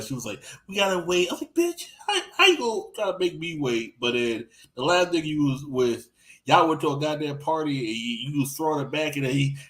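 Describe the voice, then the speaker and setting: A man with a mid-range voice tells raunchy stories in casual podcast chat. He rambles and restarts often. He acts out quoted lines, dropping soft and then jumping loud. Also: mid-range voice, poor audio. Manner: crude, rambling storytelling with lots of restarts.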